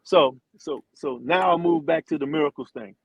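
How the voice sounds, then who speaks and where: A middle-aged man, an interview guest, telling a long story with lively quoted voices and many restarts. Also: on the high side, moderate pace, slightly rough, dry recording, muffled recording. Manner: animated storyteller, acts out quotes, frequent restarts. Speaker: interview guest, former football player and singer.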